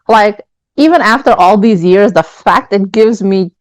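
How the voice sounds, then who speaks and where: A woman co-hosting a podcast, telling an animated, profane story in casual chat. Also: medium pitch, a little slow, no room sound, rough recording. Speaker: podcast co-host.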